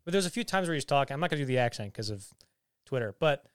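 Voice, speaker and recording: A man's voice: mid-range voice, lively intonation, very fast, clean tone, no echo, clean studio sound. Rambling young man reviewing a movie. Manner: rambling, heavy on fillers and restarts; teasing, joking banter. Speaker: podcast co-host. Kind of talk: casual movie review chat.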